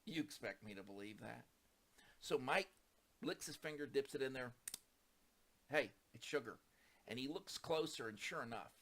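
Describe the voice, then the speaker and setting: A man telling a long personal anecdote in a casual, animated way, acting out the people in it. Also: mid-range voice. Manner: animated, acts out quoted voices, rising to excited peaks. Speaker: storyteller. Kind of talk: casual storytelling.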